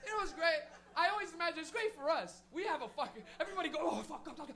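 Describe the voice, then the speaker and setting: A man's voice: very high-pitched, animated, very fast, pushed and bright, a little hiss or hum. A male stand-up comic from Toronto, working a room with a loose, profane set, laughing as he acts out stoner voices. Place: comedy room with a laughing crowd.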